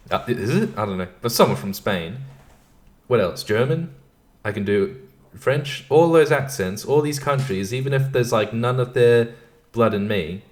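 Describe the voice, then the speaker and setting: A young man hosting a solo podcast, rambling and sardonic, swearing often and laughing at his own jokes. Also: fairly low pitch. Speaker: podcast host.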